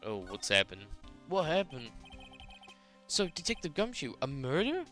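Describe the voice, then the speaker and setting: Woman doing a young male lawyer, calm, level, low, slow. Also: soft background music, exaggerated voice.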